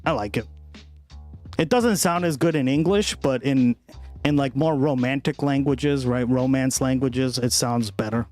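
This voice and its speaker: A man's voice: medium pitch, measured pace, a little mellow, faint music behind. Profane, rambling young man streamer. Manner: casual, profane, rambling with frequent "right?". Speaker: political livestream host. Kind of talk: casual livestream chat with viewers.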